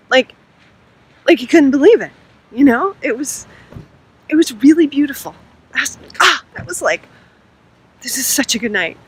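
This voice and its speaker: A woman vlogging outdoors at night in pouring rain, telling an excited, emotional story and getting choked up. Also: high voice, slightly rough. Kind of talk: casual vlog monologue. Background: rain and passing traffic.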